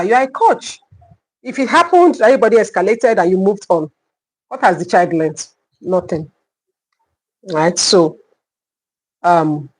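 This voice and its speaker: A woman's voice: mid-range voice, darkish tone, rough recording. A middle-aged woman with a Nigerian English accent, a clinical psychologist teaching a live online parenting class, emphatic and repeating her key points.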